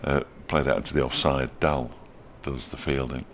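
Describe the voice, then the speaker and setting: A man in middle age commentates on cricket ball by ball, his voice sitting extremely low. He slips in dry, wry remarks between deliveries, over faint ambience from the ground. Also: flat delivery, moderate pace, fairly bright tone, slight background noise.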